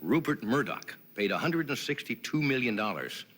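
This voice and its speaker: At a moderate pace and medium pitch, with a sing-song, somewhat bright tone, a late-night host gives his comedy monologue. He's in a TV studio before a live audience, trading wry jokes and chatty asides with his sidekick.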